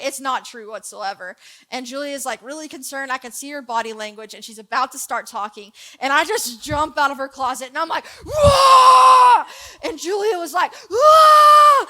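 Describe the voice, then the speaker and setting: A woman's voice: high-pitched, fairly bright tone. A young adult woman preaching a casual, joking sermon to her church, telling stories and talking to the crowd. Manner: chatty, jokey storyteller.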